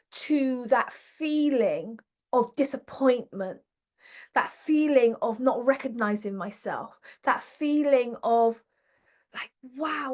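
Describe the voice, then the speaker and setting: A woman coach speaks straight to her viewers without a script, her slightly high voice wandering through fillers and false starts. She slows down and leans on words about feeling, earnest and reflective. The delivery is loose, personal and unhurried in its thoughts. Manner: rambling with many fillers and restarts. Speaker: leadership coach. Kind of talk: unscripted reflective talk to camera.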